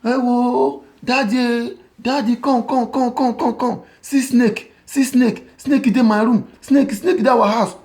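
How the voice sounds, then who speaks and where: A panicked young wife shrieks in a high, strained Nigerian Pidgin voice, as a male storyteller puts her on. She cries in shrill, pleading bursts, pitched far above his own speaking voice. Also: fairly even intonation, slow, few pauses, a little mellow, full character voice. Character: frantic screaming young wife.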